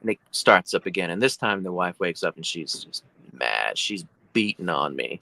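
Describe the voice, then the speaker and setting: Brief: a male guest with a low, sharp voice telling a story over a video call, dry sound. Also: lively intonation, normal speed, creaky, dry recording. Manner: rambling, lots of fillers and restarts. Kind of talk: casual storytelling.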